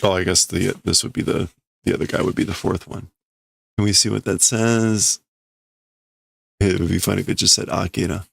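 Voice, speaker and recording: Low slow guy musing through a manga on stream, kinda gravelly. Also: steady tone, no room sound. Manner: musing, thinking aloud, laughs softly. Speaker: livestream host. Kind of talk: casual livestream reading and translating a manga.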